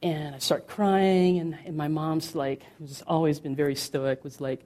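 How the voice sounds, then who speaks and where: A middle-aged woman from the United States gives a candid dharma talk as a meditation teacher. She talks conversationally with many fillers and slows down on key words. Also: deep voice, steady tone, warm tone.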